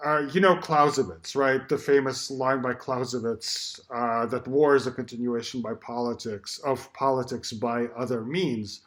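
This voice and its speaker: A middle-aged man from Russia giving a recorded talk as a poet, reflective and halting, with many fillers and restarts and some dry humor. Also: fairly high pitch, fairly bright tone. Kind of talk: recorded symposium address. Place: Shanghai.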